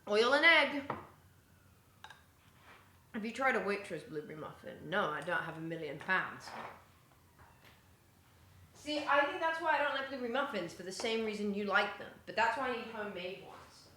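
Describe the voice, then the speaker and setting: A woman's voice: mid-range voice, lively intonation, moderate pace, pauses often, bright, forceful tone. A young woman chatting casually with her live-stream chat while she bakes in her home kitchen, often stepping away from the mic. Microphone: streaming setup, often walks away from the mic. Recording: echoey kitchen with faint room noise.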